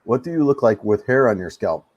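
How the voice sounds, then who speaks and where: A man's voice: medium pitch, lively intonation, brisk, darkish tone, dry recording, muffled recording. A man, hosting a casual live stream, easygoing and rambling, often repeating his words. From United States. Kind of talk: casual live-stream chat answering viewers. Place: home in the Philippines. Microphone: desk mic he adjusts.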